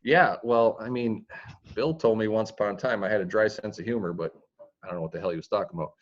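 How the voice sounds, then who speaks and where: A man with a lowish voice talks fast as a guest on a real estate podcast interview. He's plain-spoken and blunt, with dry humor and the occasional crude word. The audio is dull and lo-fi.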